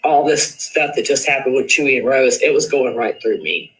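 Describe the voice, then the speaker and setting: A man's voice: mid-range voice, moderate pace, a bit bright, low-quality recording. A man hosting a live stream, reading screenshots aloud and going over online drama in casual commentary, repeating questions for emphasis.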